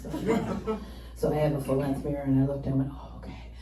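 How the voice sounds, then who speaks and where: A woman's voice: very deep voice, quick pace. Woman doing stand-up, roomy and distant. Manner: animated storytelling, acting out quotes in exaggerated voices. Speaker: stand-up comedian. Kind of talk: stand-up comedy set. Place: stage before a live audience. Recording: roomy live stage mic, distant, crowd laughter.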